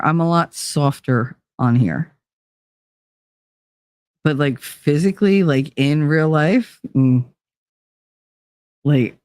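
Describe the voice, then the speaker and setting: A woman's voice: low-pitched, a little mellow, no echo, clean studio sound. A woman with a New Jersey accent hosting a livestream, chatting casually with viewers in a blunt, profane, rambling way. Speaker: livestream host. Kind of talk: casual chat with live viewers.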